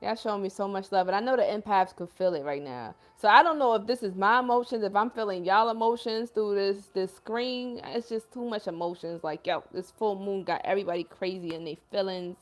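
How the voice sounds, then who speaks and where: Speaking briskly with few pauses, this young woman runs a livestream where she presents herself as a healer. Her darkish, mid-range voice stays earnest and emotional as she reads out viewer comments, peppering her casual talk with "yo" and "y'all."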